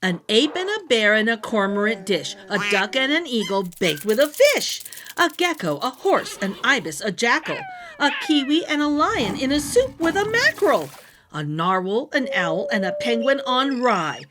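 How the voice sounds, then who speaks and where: A woman's voice: on the high side, sing-song, moderate pace, noisy background. A woman narrating a rhyming picture book aloud as a storyteller, reading expressively.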